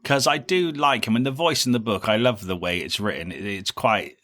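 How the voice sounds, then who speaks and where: A man co-hosting a podcast, sitting a little low in pitch. He chats casually and laughs often as he talks through a book. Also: fairly quick, fairly bright tone. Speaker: podcast co-host. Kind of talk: casual chat.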